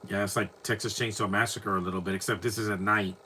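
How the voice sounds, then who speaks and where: A man's voice: fairly low pitch, fairly even intonation, fast talker, pushed and bright, slight background noise. A man giving casual live movie commentary at home, rambling with frequent restarts and self-corrections. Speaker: film commentator.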